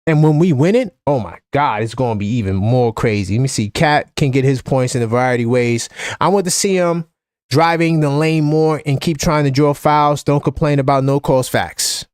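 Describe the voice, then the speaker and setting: A man with a New York accent hosting a live-stream basketball chat, animated and opinionated, often repeating himself. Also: mid-range voice, moderate pace, clean tone, no echo, studio quality. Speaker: basketball fan show host.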